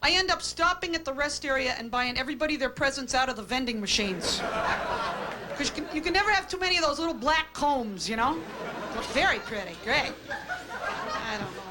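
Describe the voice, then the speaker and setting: A woman doing a stand-up comedy routine, delivering deadpan quips and tagging jokes with a flat "okay?". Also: high-pitched, fairly quick, some chatter behind. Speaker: stand-up comic. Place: comedy club stage with a live audience. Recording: hissy old VHS tape with audience laughter.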